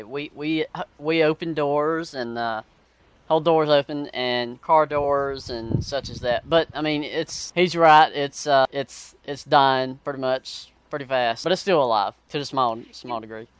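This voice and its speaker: A man from the southern United States in casual chat, easygoing and quick to laugh. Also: mid-range voice, fairly bright tone, smooth, no room sound. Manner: slow, easygoing, laughs often.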